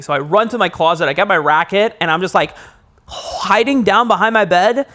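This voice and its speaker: A young man, a podcast co-host, telling a long story in casual chat, his voice jumping high when he acts out his own panic. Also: normal speed. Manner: animated storyteller, rises high acting out panic.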